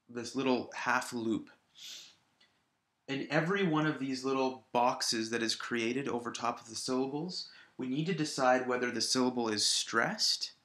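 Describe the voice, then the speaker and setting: Male teacher, crisp bright tone, roomy classroom sound, patient explainer. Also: medium pitch. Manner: explains patiently, exaggerates syllable stress in examples. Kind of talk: recorded classroom lesson. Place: classroom at a whiteboard.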